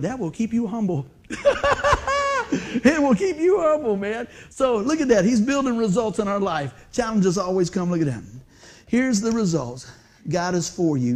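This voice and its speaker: A man preaching a humorous storytelling sermon in a church, animated and laughing often, breaking into excited whoops. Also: high-pitched. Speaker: pastor. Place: church sanctuary before a congregation.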